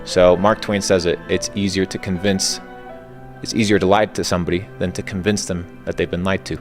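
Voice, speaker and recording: Very deep-voiced blunt man. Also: level tone, a little fast. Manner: blunt, declarative short statements. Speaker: guest. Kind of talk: motivational talk. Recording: faint background music.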